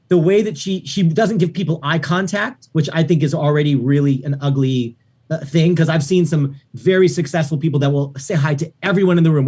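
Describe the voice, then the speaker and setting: A man, a record producer guest, chatting casually on a podcast and telling animated stories with acted-out quotes. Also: on the high side. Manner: animated storytelling, acts out quoted voices.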